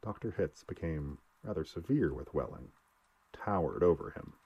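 Deep husky audiobook narrator. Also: male voice, lively intonation, normal speed, dull audio. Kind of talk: scripted narration.

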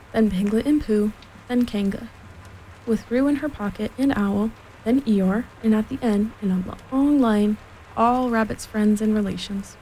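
A woman reading a children's storybook aloud in a gentle, unhurried way. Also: on the high side, slight background noise, rough recording. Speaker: reader.

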